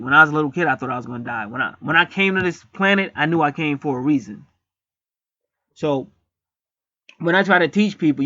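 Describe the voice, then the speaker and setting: A man's voice: on the high side, a bit bright, dry recording, muffled recording. A middle-aged man acting as a spiritual reader, talking bluntly in a casual streetwise monologue and swearing freely.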